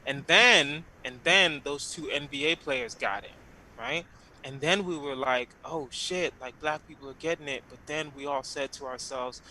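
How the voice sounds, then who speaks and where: A man's voice: fairly high pitch, moderate pace, pushed and bright, a little hiss or hum, rough recording. A man doing a rambling stand-up set over a video call, laughing at his own jokes. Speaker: stand-up comedian guest.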